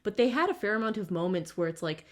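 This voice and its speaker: A woman's voice: medium pitch, very animated, fast talker. A woman co-hosting a podcast, chatting casually about a movie, mostly agreeing and adding thoughtful points. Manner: agreeable, short replies, thoughtful. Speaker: podcast co-host. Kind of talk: casual chat, movie review.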